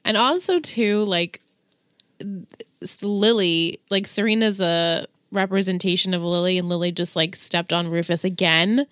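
A woman co-hosting a casual chat podcast, talking quickly with lots of laughs and agreeing remarks. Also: on the low side, steady tone, fairly bright tone, clean tone, no room sound, studio quality. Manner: chatty, laughs often, quick agreeing interjections. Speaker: podcast co-host.

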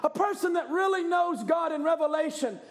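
A man preaching a fervent, often shouted sermon with a gravelly voice. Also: very high voice, normal speed.

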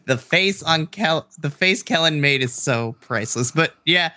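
A man's voice: a little high, lively intonation, measured pace, sharp tone, no echo, studio quality. A man running a tabletop game, chatty and laughing often as he explains his rulings. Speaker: game master.

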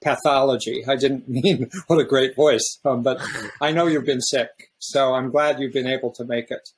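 A man hosting a podcast, talking casually and reflectively, with frequent pauses and restarts. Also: medium pitch, steady tone, slight background noise. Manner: halting, restarts often, reflective. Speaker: podcast host.

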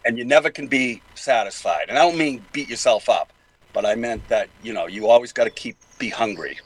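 A man's voice: mid-range voice, brisk, rough recording. An older man with a Boston accent, talking at length as a guest in a casual interview, rambling with many fillers and restarts. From New England.

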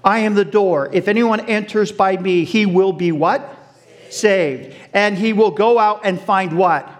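A middle-aged man preaching a sermon, animated, asking the audience questions and laughing along with them. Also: high-pitched, unhurried.

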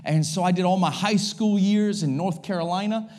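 A man in his forties with an American accent, preaching a sermon as a guest pastor to a church congregation, energetic and joking with frequent exclamations. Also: high voice, normal speed. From United States. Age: 40s. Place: church service.

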